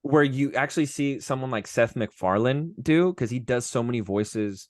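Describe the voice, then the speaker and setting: A man's voice: medium pitch, normal speed, dry recording, clean studio sound. A man who is a voice-actor guest, chatting casually on a podcast, rambling with many restarts.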